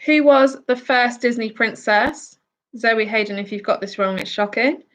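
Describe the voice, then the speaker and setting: A woman's voice: fairly high pitch, normal speed. A woman from the UK hosting a casual quiz, reading out each question and answer with chatty asides. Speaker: quiz host.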